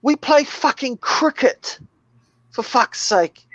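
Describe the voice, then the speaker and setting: A man with a New Zealand accent in a casual chat, telling stories in a slow, laid-back way and laughing often. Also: extremely high pitch, expressive, fairly bright tone, no room sound, rough recording.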